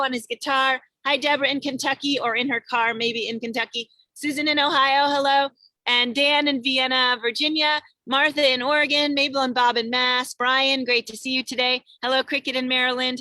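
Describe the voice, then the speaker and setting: A woman's voice: high voice, bright, forceful tone, no room sound. A woman hosting an online singing show, chatting in an upbeat way and greeting viewers by name over a video call from her car. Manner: chatty and upbeat, reading out many viewer names. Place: in a parked car on a road trip.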